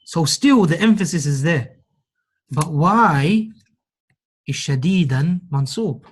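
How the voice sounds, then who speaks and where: A man with a somewhat high, husky voice teaches a grammar class. He explains patiently, repeats key phrases and encourages his students with praise. His delivery is relaxed and conversational. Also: a little slow. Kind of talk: classroom lesson.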